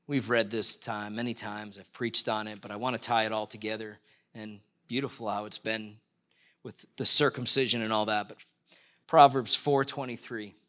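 A man's voice: on the low side, steady tone, normal speed, sharp tone. A middle-aged male pastor preaching a sermon in a loose, conversational way, slipping into quoted voices as he tells stories.

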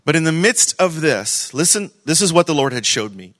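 Animated bright-voiced male preacher. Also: a little high, normal speed, no room sound. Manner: animated, conversational preaching with shifts from loud to hushed. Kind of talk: sermon. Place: church service.

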